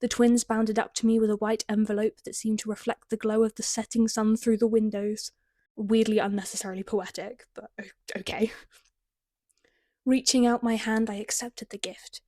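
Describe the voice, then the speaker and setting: A woman's voice: a little high, level tone, moderate pace, darkish tone, dry recording. A young British woman reads her teenage novel aloud, breaking in with wry, self-mocking comments. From Britain. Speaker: author reading her teen writing. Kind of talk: reading aloud with comic commentary.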